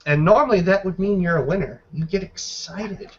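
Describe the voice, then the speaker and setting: A man narrates a tabletop game as game master in a measured, descriptive way. His voice sits a little high. The recording is dull and lo-fi. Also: husky.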